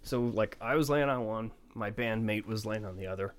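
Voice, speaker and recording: A man's voice: on the low side, normal speed. A middle-aged man, a touring band musician, telling road anecdotes in casual chat and acting out the people in them. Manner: animated anecdote teller, acts out quoted voices.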